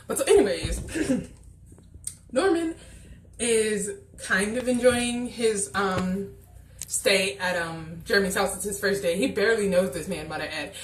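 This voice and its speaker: A woman's voice: medium pitch, measured pace, roomy sound, soft background music, rough recording. A woman chattily reviewing a TV episode, exasperated, acting out lines from scenes. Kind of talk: casual TV episode review vlog.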